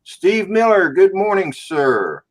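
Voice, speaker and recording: A man hosting a casual live stream over a video call, relaxed and greeting viewers one by one. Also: high voice, slow pace.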